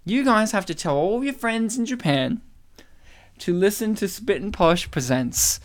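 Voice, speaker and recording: A man's voice: high voice, lively intonation, measured pace. A man hosting a casual comedy podcast, playful and teasing, often breaking into laughter. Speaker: podcast host.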